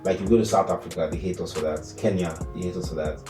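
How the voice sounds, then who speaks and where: A low-voiced Nigerian man chatting on a podcast, mellow and unhurried in tone. He sits back from the mic in a roomy space, with music running faintly underneath. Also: recorded from a distance. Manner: relaxed, musing, quick filler agreements. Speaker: podcast co-host. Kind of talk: casual podcast chat.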